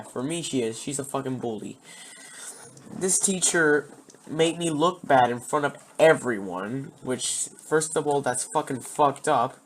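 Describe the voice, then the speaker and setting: A man's voice: medium pitch, a little hiss or hum. A man telling personal stories in a rambling, casual way, swearing often and repeatedly losing his train of thought. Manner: profane, meandering, keeps losing his thread.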